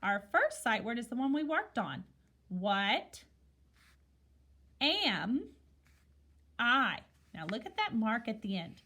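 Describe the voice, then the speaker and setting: A woman's voice: fairly high pitch, very animated, pushed and bright. A woman teaching a guided reading lesson to young children, asking questions and checking in with "okay?" after each point. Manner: slow, sing-song teacher talk with many "okay?" checks. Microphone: recording a video lesson.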